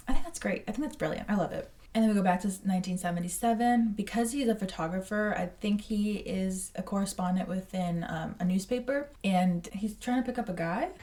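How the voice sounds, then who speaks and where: A woman's voice: medium pitch, warm tone, recorded from a distance. A woman in her twenties giving casual, blunt movie reaction commentary, swearing freely and speaking animatedly.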